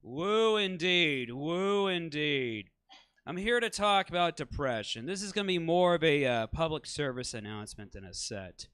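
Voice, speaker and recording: A man doing a deadpan stand-up comedy set on a small theater stage. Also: a little high, a little fast, hardly any pauses, clean tone.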